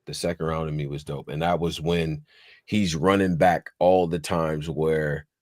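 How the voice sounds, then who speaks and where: A podcast co-host with a rumbling low voice excitedly recaps a rap battle at a measured pace, repeating phrases and quoting bars. The audio is studio quality with no echo.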